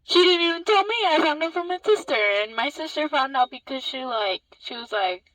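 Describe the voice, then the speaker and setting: Bright, high-voiced young woman telling a story. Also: fairly quick, dry recording, poor audio. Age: young adult. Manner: swearing, animated storytelling with acted quotes. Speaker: vlogger. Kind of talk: casual storytime vlog.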